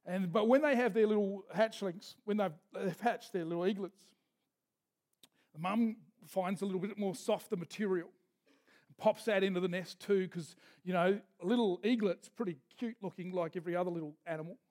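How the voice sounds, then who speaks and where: A man's voice: high voice, normal speed, darkish tone. A man preaching a sermon as pastor, telling stories in a folksy manner with asides. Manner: storytelling with folksy asides and restarts.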